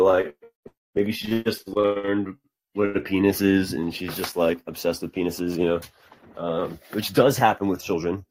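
Young man, very low voice, casual rambling chat, lots of fillers. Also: dry recording.

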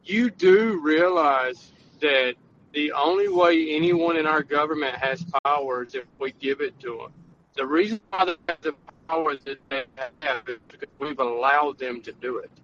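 A man's voice: a little high, normal speed, fairly bright tone, lo-fi sound. A man running for office, arguing bluntly and emphatically in a call-in podcast debate. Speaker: political candidate.

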